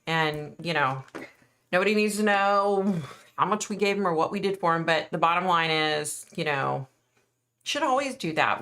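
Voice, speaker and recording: A woman's voice: medium pitch, bright, forceful tone. A middle-aged woman hosting a casual livestream, chatting earnestly and reading out and answering viewer comments. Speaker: livestream host.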